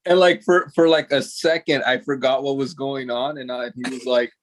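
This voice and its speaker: A man's voice: mid-range voice, fairly even intonation, moderate pace, a crowd in the background. Laid-back stammering man. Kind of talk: casual live-stream chat.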